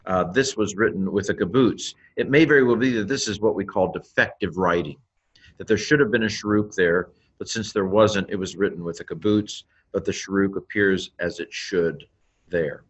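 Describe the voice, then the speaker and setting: A man's voice: low voice, moderate pace, breathy edge, dull audio. A man teaching pronunciation informally, thinking aloud, sounding out words syllable by syllable, with many fillers and self-corrections. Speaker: Hebrew teacher.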